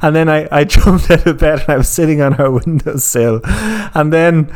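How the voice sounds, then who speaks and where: A man's voice: on the high side, moderate pace, a little mellow. A man co-hosting a casual chat, telling stories animatedly and laughing often. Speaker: podcast co-host.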